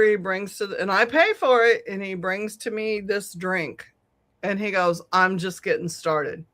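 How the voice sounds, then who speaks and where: A middle-aged woman telling a long, animated story on a podcast, swearing freely and laughing often. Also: mid-range voice. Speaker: podcast co-host. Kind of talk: casual storytelling chat.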